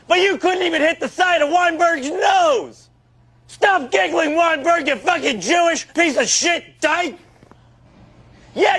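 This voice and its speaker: An actor playing a foul-mouthed, raging high school football coach who bellows profane insults at his players in a comedy sketch. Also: exaggerated voice. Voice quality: gravelly, strained high shout.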